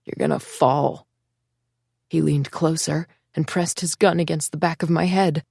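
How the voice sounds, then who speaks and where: A woman's voice: low-pitched, steady tone, moderate pace, vocal fry, a little mellow, husky, dry recording, studio quality. A woman reading first-person audiobook narration in a tense storytelling manner.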